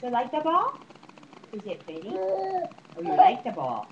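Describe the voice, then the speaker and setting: A woman's voice: high voice, wildly swooping pitch, a little slow, dull audio. A woman filming her baby at home, coaxing her along in sing-song baby talk. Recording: home camera with loud background noise.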